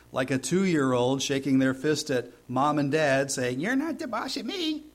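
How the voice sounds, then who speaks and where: Male preacher, slightly higher voice, emphatic sermon delivery with playful mocking asides. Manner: emphatic preaching, slows and swells on key phrases. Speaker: pastor.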